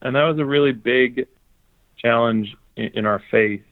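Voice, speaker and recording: A man's voice: mid-range voice, moderate pace, no room sound. A man guest sharing a personal story on a podcast in an earnest, thoughtful way. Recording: dry tinny phone-like sound.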